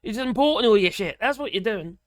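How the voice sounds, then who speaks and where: A woman's voice: medium pitch, fast, no echo, studio quality. Indignant woman ranting. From Britain. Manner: indignant, sarcastic, swears mildly; animated rant, voice jumps up when outraged. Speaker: vlogger commenting on news. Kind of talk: ranting commentary on a news article.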